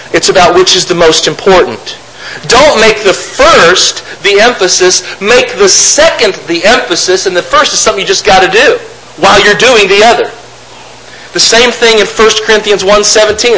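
A man's voice: high-pitched, sharp tone, poor audio. A man preaching a sermon, reading scripture aloud and then explaining it with rhetorical questions. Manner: mocks opponents' arguments in a raised voice.

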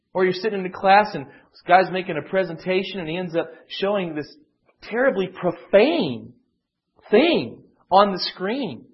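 A man teaching a conversational Bible lesson, digressive and emphatic, often restarting his sentences. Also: high voice. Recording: dull lo-fi classroom recording.

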